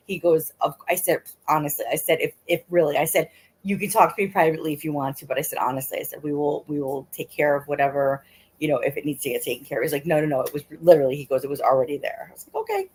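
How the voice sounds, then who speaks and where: Middle-aged woman host, husky lowish voice, rambling chatty storyteller. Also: fairly even intonation, rapid-fire, darkish tone. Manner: chatty, rambling, full of fillers and laughs. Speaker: livestream host. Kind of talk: casual storytelling to chat.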